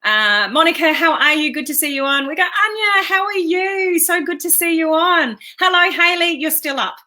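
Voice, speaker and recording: An upbeat Australian woman chats casually with her live audience and greets people by name as she goes. Her voice is bright and sharp, with easy laughter. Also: extremely high pitch, expressive, moderate pace. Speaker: live stream host. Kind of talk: casual live chat with viewers.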